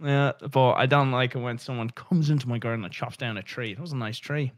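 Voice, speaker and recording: An Irish man in his young adult years on a podcast. He spins loose, joking stories in a middle-pitched voice. The sound is dry and close. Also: a little fast, no room sound. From Ireland. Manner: laughing storyteller, loose and joking. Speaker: podcast co-host. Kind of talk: casual chat.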